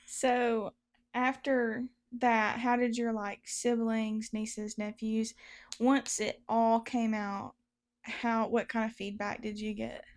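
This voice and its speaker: A woman hosts a podcast interview with a fairly high but flat, even delivery. She steers the conversation with questions and sums up what her guest has just said. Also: takes it slowly. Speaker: podcast host.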